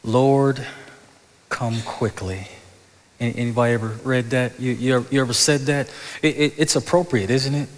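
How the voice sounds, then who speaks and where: A man's voice: mid-range voice, fairly even intonation, fast talker, a little hiss or hum. A man preaching a sermon as pastor, often stammering and restarting words, then building to impassioned peaks. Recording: long hall reverb.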